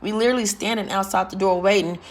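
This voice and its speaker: A woman vlogger telling a story in a loud, carrying voice, blunt and full of profanity. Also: medium pitch, steady tone, fast talker. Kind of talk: casual storytelling rant.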